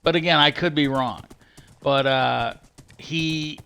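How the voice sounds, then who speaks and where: Bright-voiced man rambling on a livestream. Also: fairly high pitch, fairly even intonation, gravelly, smooth. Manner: halting, restarts often, swears casually. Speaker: livestream host. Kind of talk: casual rambling commentary.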